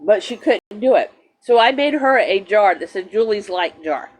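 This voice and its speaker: A woman's voice: medium pitch, lively intonation, moderate pace. A middle-aged woman hosting a livestream, telling stories in casual chat and greeting viewers. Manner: chatty storyteller, greets viewers. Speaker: livestream host.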